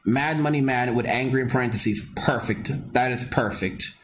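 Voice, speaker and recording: Here a man hosts a laid-back live stream, talking in a mid-range voice at a moderate pace over faint background noise. He reads viewer comments and chats loosely, circling back to the same points, frequently starting over and breaking into laughter.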